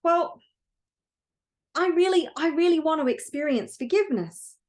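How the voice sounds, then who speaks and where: Brief: excitable little male spirit of light, chattering and childlike, very high voice, put on by a woman. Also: moderate pace. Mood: curious.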